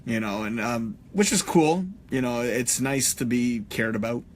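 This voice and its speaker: A middle-aged man chatting on a live stream in a loose, rambling way. He swears freely and fills his talk with "uh" and "you know". His voice sits at an ordinary middle pitch. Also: animated, a little slow. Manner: rambling, profane, many fillers. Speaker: podcast host. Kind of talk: casual live-stream chat.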